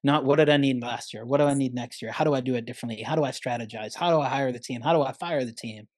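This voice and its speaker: Appearing as a therapist guest on a conversational podcast interview, a man talks quickly in a medium-pitched voice. He's earnest and emphatic, often addressing the listener as "man," and the recording is dry with clean studio sound.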